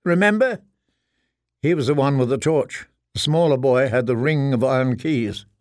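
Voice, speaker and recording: The dark tale is delivered as scripted audiobook narration by a man at a medium pitch, steady and measured throughout. It's a dry, studio-quality recording.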